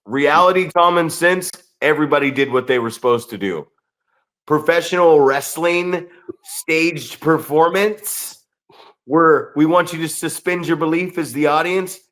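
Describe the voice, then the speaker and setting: A man's voice: on the high side, a little fast, few pauses. A man co-hosting a wrestling podcast, telling ring stories with lots of swearing and acted-out voices. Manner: animated storytelling, acts out voices, swears a lot. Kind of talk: casual podcast chat.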